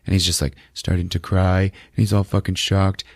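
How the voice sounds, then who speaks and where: A man hosting a podcast, recapping a film in a casual, profane, animated storytelling manner. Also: sits low, brisk, dry recording. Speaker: podcast host.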